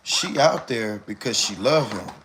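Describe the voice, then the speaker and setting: A man's voice: fairly low pitch, lively intonation, unhurried, noisy background. A man talking casually on a live stream. He comments animatedly and repeats points for emphasis.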